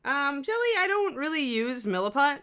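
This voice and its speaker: A woman's voice: sits high, very animated, moderate pace, pushed and bright. A woman with a slight West Coast accent, chatting casually as she teaches miniature sculpting on a live stream. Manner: chatty, rambling asides while working. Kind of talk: live-stream tutorial chat.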